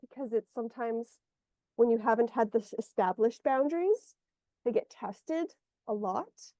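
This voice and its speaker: A woman's voice: a little high, animated, measured pace, mellow, no echo. A woman energy healer guiding a client one-on-one, meandering and searching for her words aloud over a video call. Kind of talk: one-on-one guidance session. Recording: muffled lo-fi audio.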